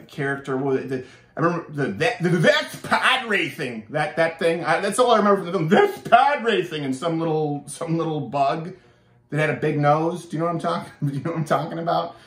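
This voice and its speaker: Animated sarcastic man from Canada. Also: fairly high pitch, roomy sound. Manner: animated, sarcastic, with many restarts. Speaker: show host. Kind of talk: opinionated monologue.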